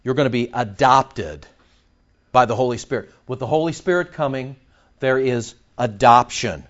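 A man's voice: medium pitch, moderate pace, a bit bright. A man preaching an expository sermon, emphatic and full of rhetorical questions. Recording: dull lo-fi recording.

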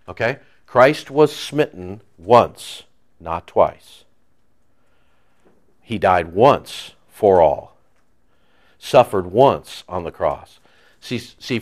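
A male pastor preaching a sermon in an animated, joking way, acting out quoted voices. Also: on the low side.

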